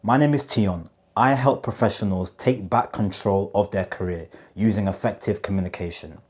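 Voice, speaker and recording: Communication coach, male, lowish voice, emphatic, deliberate pauses on key points. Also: slightly rough. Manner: emphatic, slows down on key phrases; demonstrative, asks rhetorical questions. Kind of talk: direct-to-camera coaching talk.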